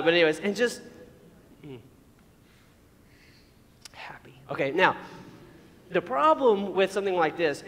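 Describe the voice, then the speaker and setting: Brief: male pastor with a high voice, preaching casually and playfully in a church hall with long reverb. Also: fairly bright tone. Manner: casual, joking preaching with asides. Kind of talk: sermon.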